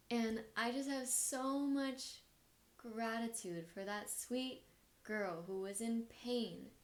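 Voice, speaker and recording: Slow, reflective woman podcaster. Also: medium pitch. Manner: candid and reflective, with soft laughs. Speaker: podcast host. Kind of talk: personal storytelling monologue.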